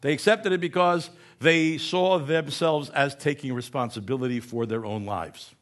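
A man's voice: mid-range voice, normal speed. A man giving a humorous lecture in a conversational way, often asking "right?" and correcting himself mid-word.

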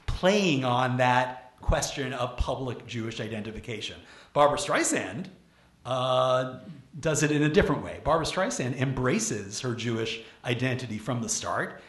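A man from Brooklyn giving a public lecture, animated and full of restarts and questions to the audience. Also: medium pitch, measured pace. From Brooklyn, New York. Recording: echoey lecture room.

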